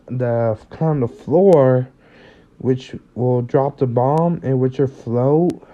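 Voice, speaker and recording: A man's voice: mid-range voice, warm tone, natural voice. A man voicing an earnest, nervous teenage boy hero who stumbles over his words, in a slightly muffled lo-fi recording. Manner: hesitant, stumbling, self-correcting.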